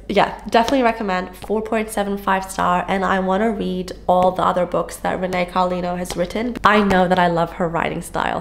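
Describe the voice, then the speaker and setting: Woman, late 20s, book vlogger; casual, effusive, filler-heavy chat; mid-pitched; home, on-camera mic. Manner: gushing, chatty, full of "like" fillers. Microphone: on-camera shotgun mic.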